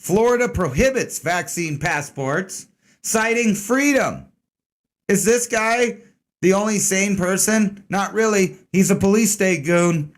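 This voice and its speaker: A man's voice: high voice, lively intonation, takes it slowly. Sarcastic, rambling man hosting. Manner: sarcastic, rambling, swears a lot. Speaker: host of an online news commentary stream. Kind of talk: casual profane news commentary.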